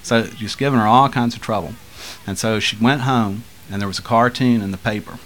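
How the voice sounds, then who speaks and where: Laid-back low-voiced man from Texas. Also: brisk, fairly bright tone, poor audio. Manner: rambling, laughing storyteller. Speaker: guest musician. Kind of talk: casual interview talk.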